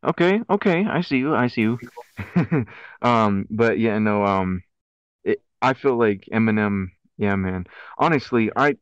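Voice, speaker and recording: A man's voice: fairly low pitch, animated, measured pace, clean tone, no room sound, muffled recording. Rambling young man with a country twang. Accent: country twang mixed with city slang. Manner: rambling, many fillers and restarts. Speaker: podcast co-host. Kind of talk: casual chat.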